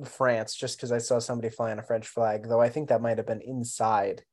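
A man co-hosting a podcast, chatting casually about a film in a relaxed, anecdotal way. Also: mid-range voice, a little fast. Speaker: podcast co-host.

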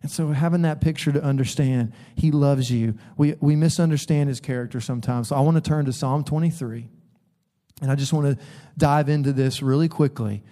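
A man's voice: mid-range voice, fairly quick, warm tone. A middle-aged man, preaching a sermon in a church sanctuary and telling a story with laughs and bursts of emphasis. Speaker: pastor.

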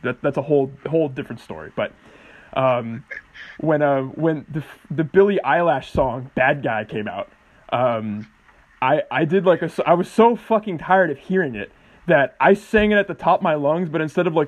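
A man's voice: on the high side, animated, normal speed, muffled recording. A man hosting a podcast, rambling and hesitant, swearing casually. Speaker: podcast host.

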